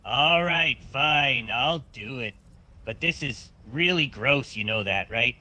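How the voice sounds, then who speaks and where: A man's voice: mid-range voice, lively intonation, slow pace, sharp tone, full character voice. A man doing a whiny reluctant young guy. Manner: whiny, complaining.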